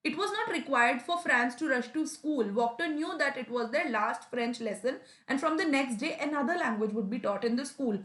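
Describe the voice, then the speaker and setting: A woman's voice: high voice, lively intonation, normal speed, few pauses, a bit bright, echoey room. A young woman teacher, explaining a story chapter to students in a conversational way, often repeating herself and saying "you know.". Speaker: English teacher.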